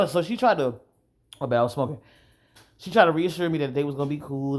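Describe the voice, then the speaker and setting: A man vlogger telling a rambling, profane story in a casual monologue, often clearing his throat. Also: fairly high pitch, animated, fairly quick, pauses often.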